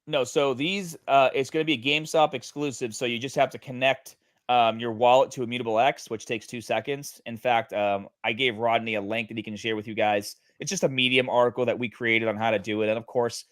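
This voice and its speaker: Man, eager pitch, lots of fillers, dry close sound, casual call. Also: brisk, dry recording. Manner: excited pitching, many fillers. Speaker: guest, NFT project creator. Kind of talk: casual livestream chat.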